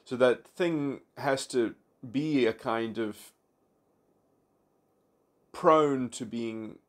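A man giving an unscripted philosophical monologue, reflective and abstract, with frequent restarts, repeated words and fillers. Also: mid-range voice. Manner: halting, many restarts and fillers. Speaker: philosophy commentator.

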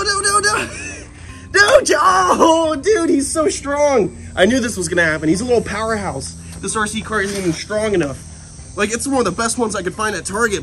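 A young man from the United States, who films a wildlife vlog, explains things chattily and yelps and shouts excitedly during the action. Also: fairly high pitch. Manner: chatty and explanatory between attempts. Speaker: wildlife vlogger. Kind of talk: excited animal vlog commentary.

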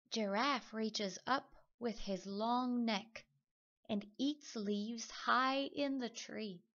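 A woman reading a children's story aloud, slow, careful and clear. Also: fairly high pitch, a bit bright, muffled recording. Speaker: storybook reader.

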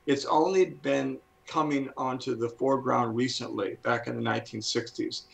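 A man in his seventies with a gravelly edge to his voice and a middle-pitched tone. He explains things in an earnest, teacherly manner as a talk-show guest, drawing out key words to stress them. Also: fairly bright tone, poor audio. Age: 70s. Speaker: guest speaker.

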